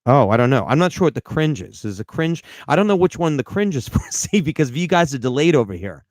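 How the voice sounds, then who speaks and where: A man hosting a live podcast as a life coach, talking in an animated, rambling way with self-deprecating humor and frequent restarts. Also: a little high, fast talker, dry recording, studio quality.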